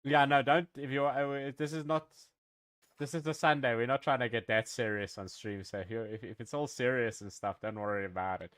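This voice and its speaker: A man's voice: mid-range voice, steady tone, brisk, fairly bright tone, no room sound, studio quality. A man from Africa, live-streaming a game and chatting in a rambling, joking way with his viewers. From South Africa. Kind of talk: casual live-stream chat.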